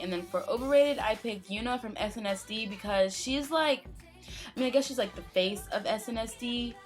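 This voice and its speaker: A young woman co-hosting a casual fan Q&A, goofy and giggly, breaking into playful outbursts. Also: mid-range voice. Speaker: K-pop reaction channel co-host. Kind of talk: casual Q&A chat.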